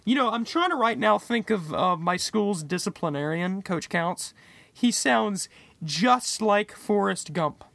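A man's voice: high-pitched, expressive, measured pace, vocal fry, a bit bright, no room sound. A man co-hosting a casual podcast chat, joking and self-deprecating. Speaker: podcast co-host.

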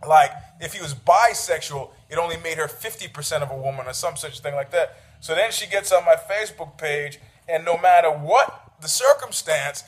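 Middle-aged guy, pretty high voice, swearing and needling, sarcastic rant. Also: animated, normal speed, few pauses. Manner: profane, sarcastic, needling, laughs at own jokes. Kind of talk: casual storytelling rant.

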